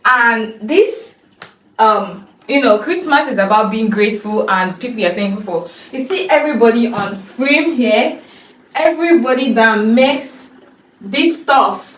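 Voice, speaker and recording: Young woman vlogger gushing over stuff, slow and a bit high, echoey room, mic kinda far. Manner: excited, gushing, slangy. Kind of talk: casual vlog chat.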